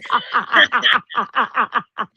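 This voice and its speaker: A woman's voice: a little high, fairly even intonation, drawn-out words, pushed and bright, slightly rough, no room sound, muffled recording. A Canadian woman co-hosting a podcast, reading a ghost story aloud and breaking off to scold her pets. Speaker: podcast co-host. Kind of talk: casual podcast chat and read ghost story.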